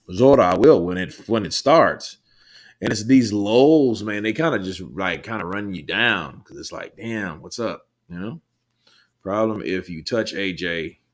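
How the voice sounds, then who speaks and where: A man hosting a boxing livestream, chatting loosely with viewers, rambling, swearing and laughing between thoughts. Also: low-pitched. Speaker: livestream host reading chat. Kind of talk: casual live chat commentary.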